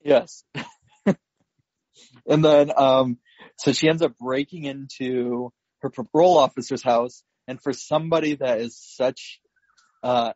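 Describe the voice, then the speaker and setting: Slow rambling man recapping a movie. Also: medium pitch, darkish tone, slightly rough, no room sound, lo-fi sound. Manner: slow, rambling recap with frequent fillers and laughs. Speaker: podcast co-host. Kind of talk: casual movie recap chat.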